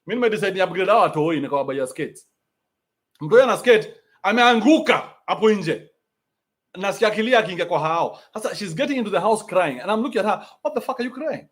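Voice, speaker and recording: A man's voice: high-pitched, expressive, fast. A man with a Kenyan accent hosting a livestream, reading out donations and ranting bluntly with plenty of profanity.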